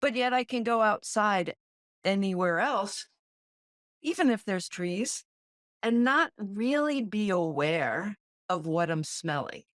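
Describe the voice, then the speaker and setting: Slow, thoughtful woman podcast host. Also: medium pitch, animated, no echo, clean studio sound. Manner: slow, thoughtful, searching for words. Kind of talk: reflective casual conversation.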